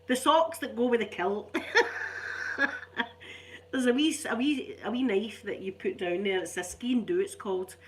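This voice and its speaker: A woman's voice: mid-range voice, a little hiss or hum. Scottish woman, middle-aged, rambling casual chat, self-mocking, middle-range voice. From Scotland. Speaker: ASMR channel host.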